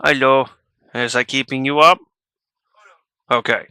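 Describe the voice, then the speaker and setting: Male live streamer, casual and wry, slow delivery, bright voice. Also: mid-range voice, steady tone, clean tone, no echo. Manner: slow, wry, laughs between remarks. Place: home room at night.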